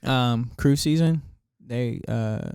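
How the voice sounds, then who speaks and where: Podcast guy, smooth clear voice, dry close mic, rambles and thinks out loud. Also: medium pitch, slow pace, no echo. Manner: rambling, thinks aloud with many fillers. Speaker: podcast co-host. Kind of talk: casual podcast chat.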